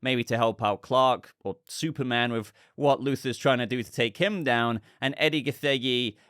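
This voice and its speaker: A man's voice: medium pitch, normal speed, a bit bright, no echo, studio quality. A man hosting a casual news commentary show, chatty and rambling with lots of fillers. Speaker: host.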